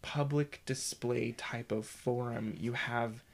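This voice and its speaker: A man with a gravelly, creaky voice talks through an idea in casual podcast chat. He rambles and stops often to restart his sentences. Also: medium pitch, steady tone. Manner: rambling, halting, many restarts. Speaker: podcast co-host.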